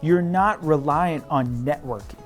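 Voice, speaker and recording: Midwestern man in his 30s, casual vlog advice, jokey and animated, a bit high-pitched, faint music underneath. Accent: Midwestern American. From Midwest, United States. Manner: playful, laughing, quick swings in pitch and loudness. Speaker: realtor vlogger. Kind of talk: casual direct-to-camera advice.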